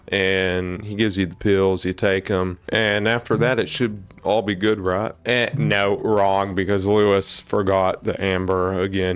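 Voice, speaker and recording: A man talking through a video game in an informal video essay, chatty and joking. His voice sits on the low side and comes across smooth and resonant. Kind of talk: casual game commentary.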